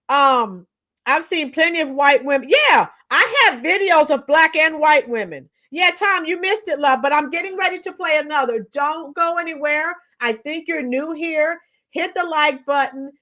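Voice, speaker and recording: A woman hosting a livestream, bluntly sounding off and talking back to her chat by name. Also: sits high. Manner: animated, blunt, laughs often, talks to chat by name. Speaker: livestream host reading chat. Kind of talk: opinionated livestream commentary.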